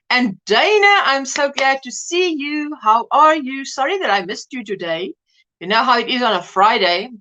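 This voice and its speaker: Lively, bright-voiced woman livestream host. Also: fairly high pitch. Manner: chatty, greets viewers one by one by name; animated, quick asides and laughs. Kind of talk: casual livestream chat.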